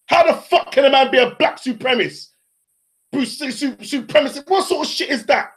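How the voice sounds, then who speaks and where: A man, ranting furiously on a live stream, profane and often shouting. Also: very high-pitched, moderate pace. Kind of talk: angry live-stream rant.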